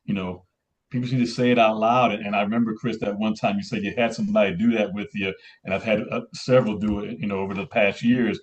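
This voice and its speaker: A man on a podcast talking haltingly, repeating words and filling pauses with uh while he tells about peer support calls. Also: on the low side, fairly even intonation. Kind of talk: casual podcast chat. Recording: muffled, dull-sounding mic.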